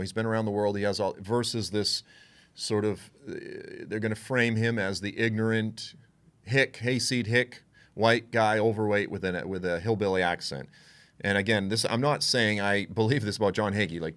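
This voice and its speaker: A man giving a conversational Bible teaching, frank and animated, acting out what others would say. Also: on the low side. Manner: animated, frank, with asides and quoted voices.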